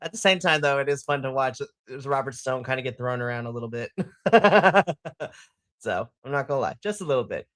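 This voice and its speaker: A podcast co-host in casual chat about wrestling, playful and quick to laugh. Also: medium pitch, animated, fairly bright tone, dry recording, studio quality.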